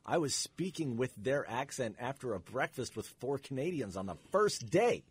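A man's voice: medium pitch, big pitch swings, moderate pace, husky. A man co-hosting a radio talk show, reading listener texts aloud and adding short reactions.

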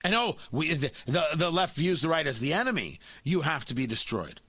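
A man's voice: on the high side, big pitch swings, brisk, bright, forceful tone, husky, dry recording. A man hosting a talk radio show, giving opinionated, mocking commentary from a studio microphone.

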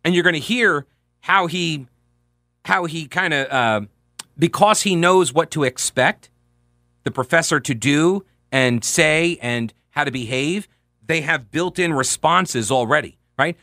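A man's voice: fairly high pitch, unhurried, pushed and bright, no room sound, studio quality. A man hosting a radio talk show, recounting a story in an emphatic, conversational way.

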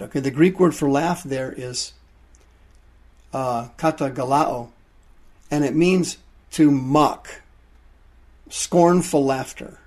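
Slow-preaching man with a husky voice. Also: a little high. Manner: explains Greek words, drawn-out emphatic delivery. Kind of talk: sermon, Bible teaching.

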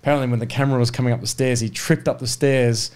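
A man's voice: medium pitch, steady tone, rapid-fire, darkish tone, smooth. A man, telling a game show anecdote on a podcast in a chatty, cheerful way. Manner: chatty, laughing storyteller. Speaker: podcast co-host. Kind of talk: casual anecdote.

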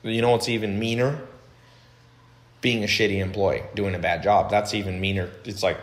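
A man with a fairly low voice holds forth on his podcast in a casual monologue. He talks bluntly and with energy, swinging between loud stretches and low ones. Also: steady tone, normal speed. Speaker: podcast host.

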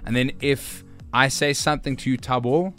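A man's voice: medium pitch, fairly even intonation, moderate pace, fairly bright tone, smooth. A man hosting breakfast radio, upbeat and chatty as he explains a guessing game. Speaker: radio host. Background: music.

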